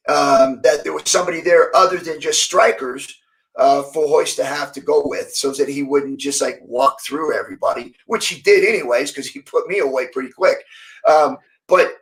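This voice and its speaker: A middle-aged man tells fight stories in a relaxed interview, his voice gravelly with a slightly raised pitch. He acts out what others said to him and often restarts his sentences. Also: poor audio. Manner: animated storyteller acting out quoted dialogue, many restarts. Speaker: interview guest, former fighter. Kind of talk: casual storytelling interview.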